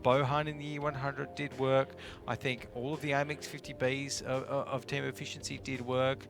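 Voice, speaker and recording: A man co-casting a live esports match, excitable and casual, often stumbling over his words. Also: mid-range voice, normal speed, creaky. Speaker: esports co-caster.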